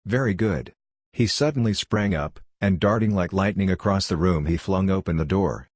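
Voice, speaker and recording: Male audiobook narrator, deep and measured, dry recording. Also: darkish tone, dry recording. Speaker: audiobook reader. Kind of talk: first-person scripted narration.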